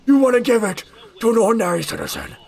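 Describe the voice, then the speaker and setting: A man putting on a loud, drawn-out growling voice as a caped vigilante. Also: very high-pitched, animated, vocal fry, pitched above the performer's own voice, heavily acted.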